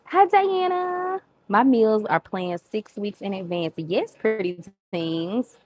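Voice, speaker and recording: A woman's voice: mid-range voice, slow, mellow, dry recording. Chatty woman with a Southern accent hosting a live cooking stream from her kitchen, casual and friendly with viewers. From Southern United States. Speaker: home cooking livestream host. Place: home kitchen. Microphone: new microphone.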